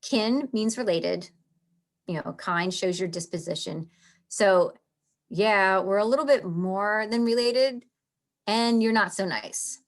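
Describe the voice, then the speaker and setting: A woman's voice: mid-range voice, takes it slowly. Chatty woman teaching a literature lesson. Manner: chatty, many fillers and restarts. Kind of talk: casual explanatory lesson.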